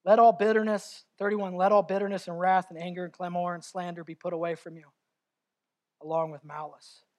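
A man preaching a sermon as pastor, candid and confessional, building at times to near-shouting passion. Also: sits high, flat delivery, brisk.

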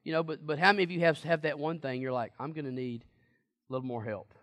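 A man's voice: fairly high pitch, fairly even intonation, fast, a bit bright. A man preaching a sermon in a conversational, emphatic way and asking the congregation questions.

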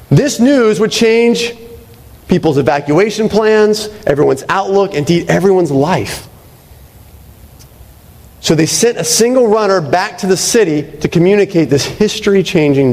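A man's voice: high voice, a little mellow. A male pastor preaching a sermon in a conversational way, often checking in with "right?". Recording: reverberant hall.

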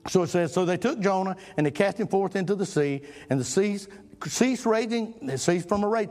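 A man preaching a folksy sermon, swinging from loud emphatic lines to low murmurs. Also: animated, moderate pace.

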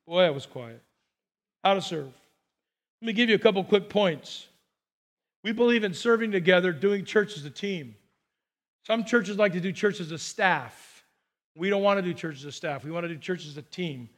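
A man's voice: high voice, expressive, normal speed, pauses often, a bit bright. A man, a pastor, delivering a conversational sermon full of personal stories, coaxing the congregation along with "come on".

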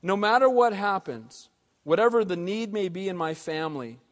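High-voiced preacher in a reverberant hall. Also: male voice, moderate pace. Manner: animated, conversational preaching with casual slang. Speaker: pastor. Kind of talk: sermon.

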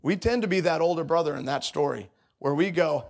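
A man's voice: on the high side, fairly quick, vocal fry. A man preaching a sermon in a conversational, confessional way. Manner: conversational, confessional, mimics voices in anecdotes.

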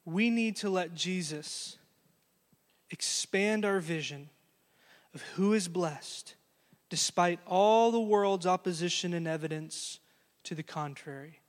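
A man preaching a sermon, telling a story earnestly and closing with a quiet blessing. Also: high voice, takes it slowly, in a large hall. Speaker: pastor.

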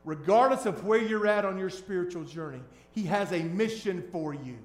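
A man preaching as a pastor, shifting between hushed, tender lines and loud, emphatic ones. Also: sits high, lively intonation, normal speed, roomy sound. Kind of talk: sermon.

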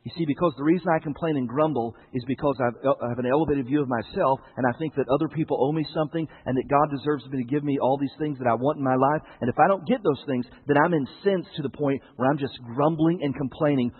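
A man's voice: medium pitch, quick pace, hardly any pauses, breathy edge. A man preaching a sermon in a conversational way, often asking his listeners rhetorical questions. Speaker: pastor. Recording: tinny narrow-band broadcast sound.

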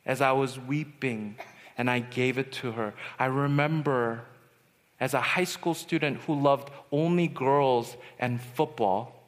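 A man giving a testimony sermon at a youth retreat, telling his story dramatically and swinging from hushed to loud. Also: mid-range voice, a little slow. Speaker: retreat speaker. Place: large hall at a youth retreat. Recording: long hall reverb.

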